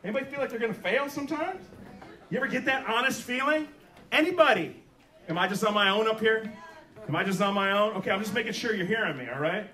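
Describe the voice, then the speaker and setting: A man's voice: sits high, expressive, fast talker, bright, forceful tone. A man preaching a sermon with call-and-response, checking in with the congregation and asking for amens. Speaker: pastor. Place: church sanctuary. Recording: roomy church room, mic at a distance.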